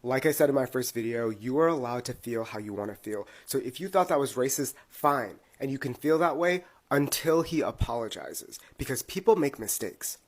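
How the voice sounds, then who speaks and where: A man lays out his argument with indignation, speaking straight to his viewers. His voice sits at a plain middle pitch. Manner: indignant, lecturing. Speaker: commentator. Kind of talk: reaction commentary.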